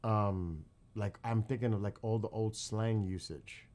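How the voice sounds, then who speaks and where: A man's voice: fairly low pitch, unhurried, darkish tone. A man with a New York accent chatting casually with his live-stream viewers late at night, quizzing the chat and laughing often.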